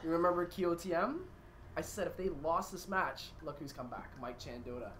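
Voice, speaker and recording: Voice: medium pitch, a little fast, crowd noise. A caster with a Canadian accent giving chatty, rambling game commentary. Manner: chatty, rambling, self-correcting. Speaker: esports caster. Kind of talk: casual tournament casting. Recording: clear background noise.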